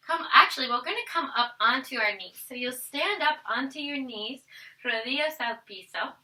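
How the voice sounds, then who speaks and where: Woman, yoga instructor, unhurried, high pitched, playful, encouraging, slightly distant mic. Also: huge pitch swings, sharp tone. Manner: playful, encouraging, counts poses aloud. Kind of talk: guided family yoga class.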